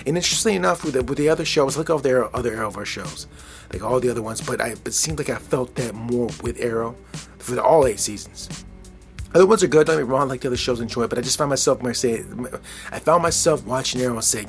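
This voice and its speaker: A man's voice: medium pitch, quick pace, soft background music. Tired, rambling man podcasting at bedtime. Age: 40s. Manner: rambling, earnest, repeats words often. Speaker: podcast host. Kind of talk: casual solo podcast talk. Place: at home, relaxed. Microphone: podcast microphone.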